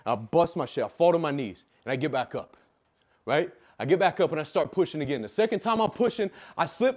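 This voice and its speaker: A man's voice: on the high side, darkish tone. A young adult man telling a raw personal story, emotional and full of swearing, repeating phrases for emphasis. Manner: profane, emotional, repetitive emphasis. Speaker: speaker telling his life story.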